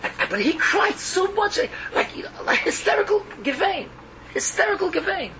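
Impassioned high-pitched male preacher. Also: big pitch swings, a little fast, bright, forceful tone. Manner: emotional, repetitive, swings between cries and murmurs. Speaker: rabbi. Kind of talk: Yiddish-laced sermon. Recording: muffled lo-fi recording with background noise.

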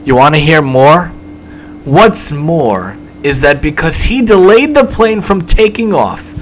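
Emphatic, animated male preacher. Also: a little high, slow, slight background noise, poor audio. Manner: emphatic, repetitive, dramatic swings in delivery. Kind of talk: storytelling sermon.

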